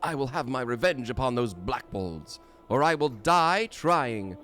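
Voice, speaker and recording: A man's voice: medium pitch, animated, measured pace, fairly bright tone, soft background music. A man voicing a grieving young man who swears revenge, reading game dialogue aloud in a dramatic, anguished way. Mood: vengeful.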